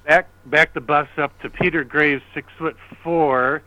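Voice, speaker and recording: A man from Minnesota calls in to a radio show, sharing trivia in a folksy, unhurried way. His voice comes through a thin, phone-like line. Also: on the high side, fairly even intonation, sharp tone. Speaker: caller. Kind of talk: call-in chat.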